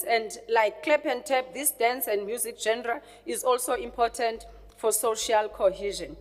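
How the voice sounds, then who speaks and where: A woman, a government official, reading a formal budget speech to a legislature in a measured way, with some hesitations over names. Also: fairly high pitch. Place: legislature chamber. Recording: long reverb of a large chamber.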